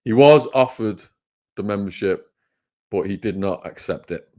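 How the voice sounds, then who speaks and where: An English man with a fairly low voice recounts his stories as an interview guest. He talks in an animated way and laughs often as he goes. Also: moderate pace. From England. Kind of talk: storytelling interview.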